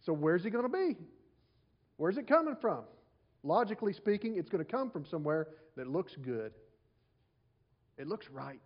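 A pastor preaches in a conversational way, with rhetorical questions and repeated lines. His voice sits slightly high for a man. The recording sounds a little dull and lo-fi. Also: sing-song, brisk. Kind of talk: sermon.

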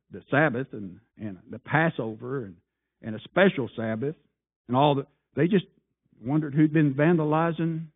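A man preaching a sermon, firing off rhetorical questions and swinging between loud appeals and hushed asides. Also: mid-range voice, creaky. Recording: tinny phone-like sound.

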